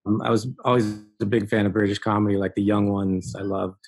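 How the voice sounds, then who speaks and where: Husky enthusiastic middle-aged man. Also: on the low side, flat delivery, fairly quick, darkish tone, low-quality recording. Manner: enthusiastic, laughs often. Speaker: guest artist. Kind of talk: casual podcast chat.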